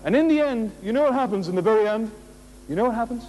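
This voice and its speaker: A man, a motivational speaker, giving a jokey, animated speech to an audience, full of rhetorical questions and laughing at his own stories. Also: very high-pitched, fast, slight background noise, low-quality recording. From England.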